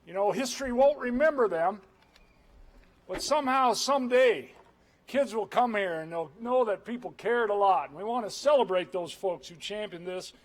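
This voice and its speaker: A man, a governor, giving an energetic, conversational public address to a crowd. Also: high-pitched, normal speed.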